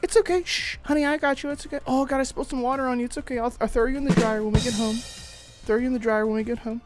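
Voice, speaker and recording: A man putting on an impression of his co-host, first shrieking and sobbing, then cooing softly. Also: fairly high pitch, big pitch swings, moderate pace, over loud music.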